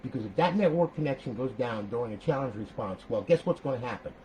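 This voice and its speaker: A man's voice: mid-range voice, quick pace, slight background noise, low-quality recording. Chatty man explaining console mods. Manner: chatty, repeats "okay?", animated outbursts. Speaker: console modder giving a tutorial. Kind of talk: casual screen-recorded tutorial.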